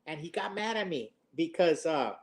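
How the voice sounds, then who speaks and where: A man in his fifties, co-host of a casual chat, telling a story in a lively, quick, teasing way. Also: on the high side. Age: 50s.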